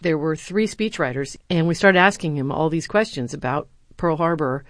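Middle-aged woman, deep-pitched, earnest former speechwriter in an interview. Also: moderate pace, no room sound. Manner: earnest, animated when quoting others. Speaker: university lecturer. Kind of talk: interview answers, storytelling.

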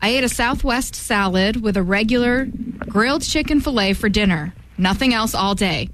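A woman's voice: medium pitch, lively intonation, normal speed, a bit bright, slight background noise, poor audio. A female talk-show co-host with an amused, giggly manner, chatting casually and reading a listener complaint.

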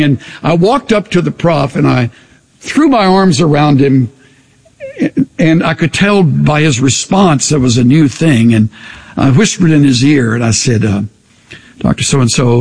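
A man preaching a sermon in an earnest voice that falls to a hush on tender lines. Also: fairly high pitch, slightly rough, long reverb tail. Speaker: pastor.

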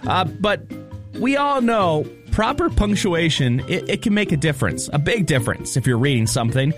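A man's voice: on the high side, big pitch swings, normal speed. A man hosting a morning radio show with upbeat, jokey banter. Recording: faint music bed.

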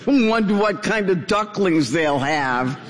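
Brief: snickering storybook ducks, as a woman reads them, slow, with hall echo. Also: on the low side, animated. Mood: mocking. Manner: sneering. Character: flock of mocking ducks.

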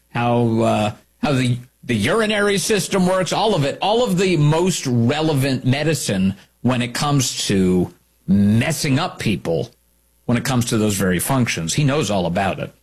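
A man's voice: a little high, husky. A man hosting a talk show, delivering an emphatic, opinionated monologue and repeating key lines for effect.

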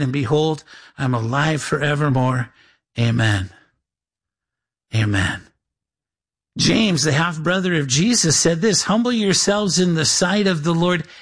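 High-voiced man preaching a sermon. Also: a bit bright. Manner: preaching with scripture readings and quoted imagined listeners. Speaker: pastor.

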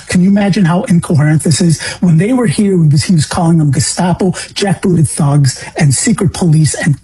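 A man's voice: a little high, moderate pace, few pauses, warm tone, breathy edge, poor audio. A man from Illinois, a grieving father, speaking as a guest on a talk radio show in an indignant, emphatic way, his voice jumping upward. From Illinois, USA.

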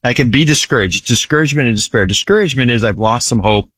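A man's voice: medium pitch, expressive, fast talker, a bit bright, husky, no echo. A man who works in disaster relief ministry, telling his story earnestly in an interview, repeating phrases for emphasis and often asking "right?".

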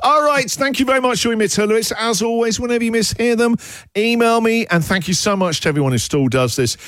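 A man's voice: extremely high pitch, fast, fairly bright tone, no room sound, studio quality. A man hosting a radio show who jokes around, laughs often and reads out listener emails. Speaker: radio host. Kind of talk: breakfast radio segment.

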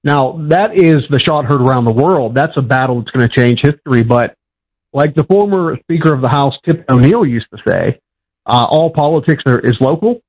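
A man's voice: mid-range voice, expressive, normal speed, a little mellow, husky. Male historian guest from Pittsburgh, plain and explanatory, filler-heavy, muffled recording. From Pittsburgh, USA. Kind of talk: conversational interview answers. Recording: dull lo-fi sound.

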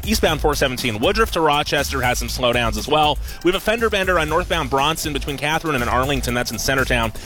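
A man reading the radio weather and traffic at a quick clip, with an upbeat delivery. His voice is raised and bright, and faint music plays beneath it. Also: on the high side, lively intonation. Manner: brisk, upbeat.

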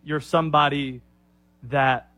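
A man's voice: a little high, fairly even intonation, slow, pushed and bright, no echo. Hesitant man thinking aloud, dry sound. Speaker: co-host taking the quiz. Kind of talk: casual show banter.

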